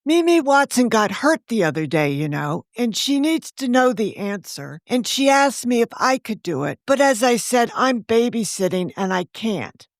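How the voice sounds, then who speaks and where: A woman's voice: on the high side, big pitch swings, normal speed, few pauses, dry recording, studio quality, voice pushed up. A woman voicing a polite, earnest teenage girl babysitter who sounds eager and slightly pleading.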